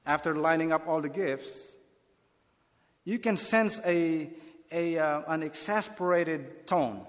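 A man's voice: a little high, slow pace, long pauses, long reverb tail. A man preaching a Bible teaching sermon, earnest and explanatory, often restarting his phrases.

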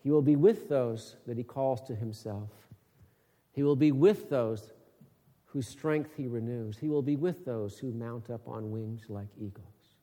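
A man's voice: medium pitch, unhurried, dark tone. Man preaching a Bible sermon, emphatic questioning delivery, long reverb of a hall. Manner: reads scripture aloud, then explains it with rising emphatic questions. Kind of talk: sermon-style Bible teaching.

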